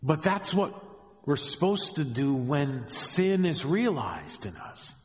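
A middle-aged man preaching a sermon as a pastor, animated, with joking asides, swinging between hushed and raised delivery. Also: on the high side, takes it slowly. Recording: long hall reverb.

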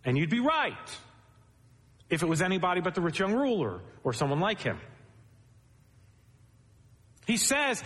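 A man's voice: sing-song, normal speed, pauses often, a bit bright, long reverb tail. A man preaching an expository sermon, addressing the congregation as beloved and lifting his voice to stress key points. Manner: expository preaching, rising pitch for emphasis. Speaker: pastor.

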